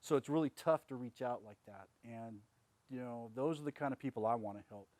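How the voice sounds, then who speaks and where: A man's voice: mid-range voice, brisk, darkish tone, dry recording. A man telling his own story as a veteran, in a blunt, plain-spoken way with many fillers. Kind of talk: candid personal testimony.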